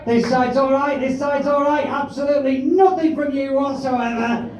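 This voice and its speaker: A man hosting a stand-up show, teasing the audience in a brash, sweary, shouting way during crowd work. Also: very high voice, steady tone, normal speed. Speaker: comedy host and compere. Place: large comedy auditorium with live audience. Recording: echoey hall, distant mic, crowd noise.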